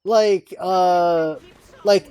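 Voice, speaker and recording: A woman's voice: fairly low pitch, steady tone, extremely slow, dark tone, clear, resonant tone. A woman talking casually in a solo gaming vlog, blunt and emphatic, repeating phrases to drive her points home. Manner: frank and blunt, with mild swearing. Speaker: gaming vlogger.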